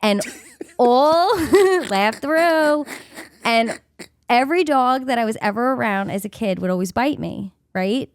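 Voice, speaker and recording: A woman's voice: on the high side, animated, slow, no echo, studio quality. A woman co-hosting a podcast, telling a childhood story in casual chat, acting out the voices of people in it and laughing often. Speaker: podcast co-host.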